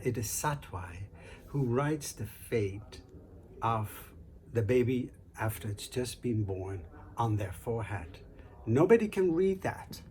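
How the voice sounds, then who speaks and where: A man hosting a storytelling show, telling a folk tale in an unhurried, conversational way. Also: medium pitch, a little mellow, a little hiss or hum. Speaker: storyteller host.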